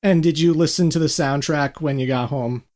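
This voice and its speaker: A podcast host in casual gaming chat, jokey and quick to laugh. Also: medium pitch, darkish tone.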